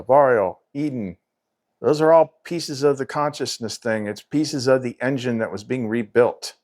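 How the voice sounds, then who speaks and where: A man talking in a rambling, agitated casual monologue, full of fillers and frustrated asides. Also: mid-range voice. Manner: agitated, rambling, frequent "like" and "freaking". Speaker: spiritual channel host.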